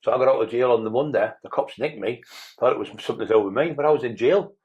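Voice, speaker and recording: A man's voice: mid-range voice, very fast, a little mellow, highs cut off. A man, a podcast guest telling rambling stories in a blunt way and swearing freely. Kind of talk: casual interview storytelling.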